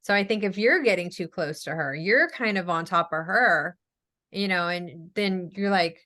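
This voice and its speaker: A woman's voice: lowish voice, normal speed, pushed and bright. Woman speech therapist chatting in a webinar, lots of ums, acts out little quotes. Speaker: speech-language pathologist guest. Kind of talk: casual webinar Q&A.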